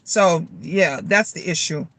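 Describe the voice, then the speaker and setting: A woman's voice: on the low side, takes it slowly, no echo. A woman hosting a casual livestream chat, venting bluntly and profanely and reading out viewer comments. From Chicago. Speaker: livestream host.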